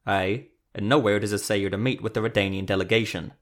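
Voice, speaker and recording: A man voicing a stern male dwarven border guard who barks curt, loud orders. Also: lowish voice, fairly even intonation, fast, pitched below the performer's own voice, natural voice.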